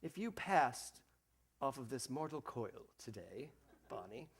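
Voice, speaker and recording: A man preaching a sermon to a congregation, animated, acting out the voices he quotes and speaking directly to his listeners. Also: mid-range voice, slow pace, breathy edge. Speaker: minister.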